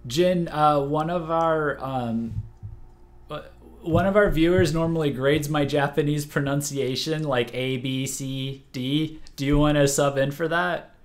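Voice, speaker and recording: A young man hosts a livestream in a casual, unhurried way, his voice sitting a little high for a man. He sounds sleep-deprived and keeps stopping to fill gaps with ums and restarts. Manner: halting, full of fillers and restarts. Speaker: livestream host.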